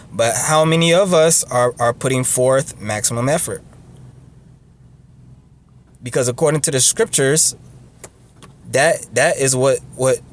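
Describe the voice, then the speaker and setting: A man preaching an earnest, conversational sermon who repeats himself and checks in with his listeners. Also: mid-range voice.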